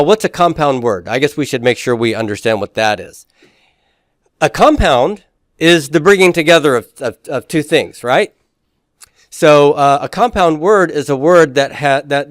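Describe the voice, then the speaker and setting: A man's voice: on the high side, dry recording, studio quality. A man lecturing a class on Greek pronunciation and syllable division, explaining step by step and often checking in with his listeners. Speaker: Greek teacher.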